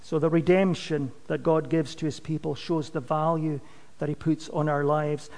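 A man's voice: high-pitched, in a large hall. A man preaching a sermon, earnest and emphatic, his voice falling away at the end of phrases. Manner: earnest, emphatic, drops loudness at phrase ends.

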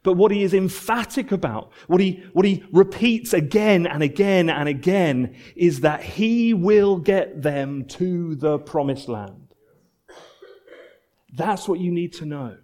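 A man preaching a sermon, earnest and emphatic, repeating phrases and dropping to soft, low endings. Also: a little slow.

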